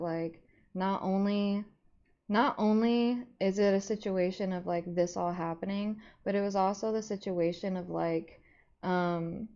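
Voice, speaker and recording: A young woman streaming live and chatting casually with her viewers. She rambles through her stories in a middle-pitched voice full of "like" fillers. The audio sounds slightly dull and lo-fi. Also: a little mellow. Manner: bursts into high squeaky greetings to chat.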